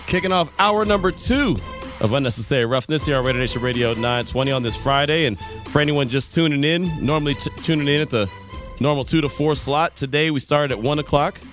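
A man's voice: a little high, fairly quick, music in the background. A man hosting a sports talk radio show, chatting loosely and rambling between listener messages and calls. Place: radio studio. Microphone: studio microphone.

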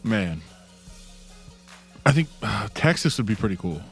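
A man talking casually about sports as a guest, hesitant and relaxed with many fillers. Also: lowish voice, unhurried, soft background music.

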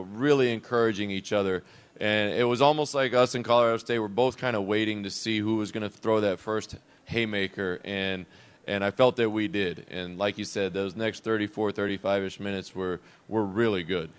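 Deep-voiced, smooth-toned coach. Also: male voice. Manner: reflective, loose and unscripted. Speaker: head basketball coach. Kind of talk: conversational coach's show interview.

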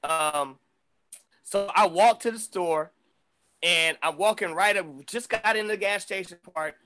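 A middle-aged man from the Bay Area, a guest rapper telling stories in a loose, profane, animated way with lots of restarts. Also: high voice, measured pace. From San Francisco Bay Area. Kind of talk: casual storytelling chat.

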